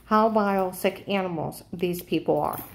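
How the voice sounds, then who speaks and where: A woman in an insistent, urgent monologue to the camera, often checking in with "okay?", her pitch jumping up sharply when agitated. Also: normal speed, vocal fry. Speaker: vlogger.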